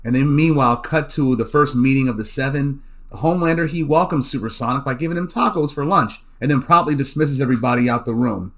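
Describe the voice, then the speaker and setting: A man's voice: mid-range voice, fast, hardly any pauses. A man giving a loose, profane recap of a TV episode, often repeating himself and restarting sentences. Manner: loose, repeats words and restarts, laughs at jokes. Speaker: show recapper.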